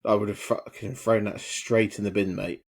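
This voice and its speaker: Low-voiced man, sweary banter. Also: level tone, normal speed, darkish tone, husky. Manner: laid-back, sweary banter with slang. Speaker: podcast co-host. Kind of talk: casual chat.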